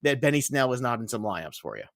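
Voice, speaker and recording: A man co-hosting a casual fantasy football podcast, talking in an excitable, emphatic way and laughing often. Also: medium pitch, fast, creaky, no echo, clean studio sound. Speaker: podcast co-host.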